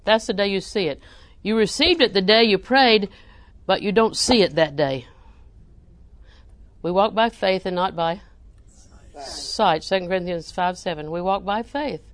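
A woman preacher, delivering a sermon with animated emphasis that rises to near-shouting. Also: mid-range voice, measured pace, no echo.

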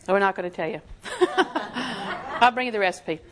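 A woman's voice: mid-range voice, brisk, crowd noise. A woman preaching a sermon in a folksy, emphatic way, often putting questions to her listeners.

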